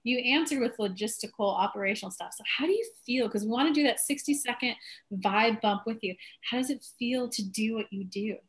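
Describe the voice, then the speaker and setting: A woman coaching a client, animated when acting out others' words and softer when guiding. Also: on the high side, a little fast. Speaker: spiritual coach. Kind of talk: coaching session.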